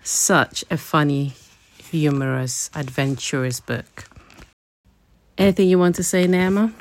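A woman's voice: deep voice, unhurried. A woman interviewing about a book, giving short encouraging prompts and reading a passage aloud.

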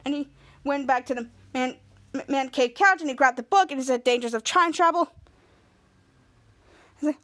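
A woman's voice: high voice, moderate pace, pauses often, a bit bright. A woman podcast host casually recapping an episode scene by scene, with lots of "cut to" and "he's like.". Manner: rambling scene-by-scene retelling full of "cut to" and "he's like".

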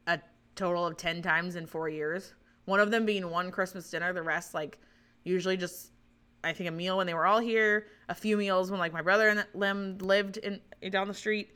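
A woman's voice: fairly low pitch, fairly bright tone. A woman in her thirties hosting her own show, chatting alone in a rambling way, swearing and laughing often. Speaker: podcast host. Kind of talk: casual solo chat.

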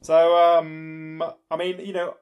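A man co-hosting a casual podcast, relaxed and hesitant as he shares a news item. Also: a little high, slow pace, clean tone, dull audio. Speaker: podcast co-host. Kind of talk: casual chat.

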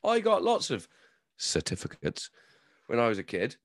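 A man's voice: medium pitch, wildly swooping pitch, normal speed, dry recording, clean studio sound. A man co-hosting a podcast, chatting casually in a jokey, sweary way. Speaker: podcast co-host.

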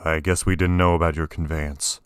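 A man's voice: rumbling low, level tone, a little fast, clean tone, no echo. A man doing a sarcastic enforcer captain. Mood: sardonic. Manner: sarcastic, dry. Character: sardonic male enforcer captain, dry.

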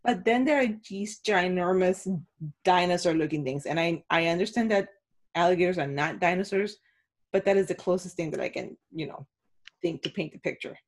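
Animated woman podcast host. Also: lowish voice, moderate pace. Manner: animated, excitable storytelling. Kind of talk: casual chat.

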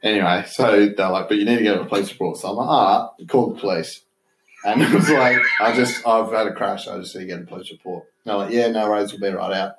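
A man's voice: fairly low pitch, fast, a little hiss or hum. A young Australian man in casual chat, rambling through a story, swearing freely and laughing as he mimics others. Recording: roomy echo.

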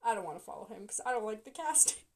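Young woman, vlogger, excitable, gushing, loud bursts then mumbles, slightly high voice. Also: very fast. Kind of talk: live casting reaction vlog.

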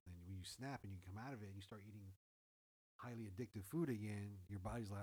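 A man's voice: fairly low pitch, fast talker, husky, poor audio. A man telling a story in casual chat, swearing freely and acting out quoted dialogue. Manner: animated, profane, acts out quoted dialogue.

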